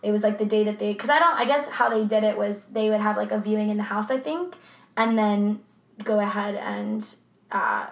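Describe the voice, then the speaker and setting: A woman's voice: mid-range voice, steady tone, normal speed, echoey room. A woman co-hosting a true crime podcast in a casual, swearing, laughing chat. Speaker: podcast co-host.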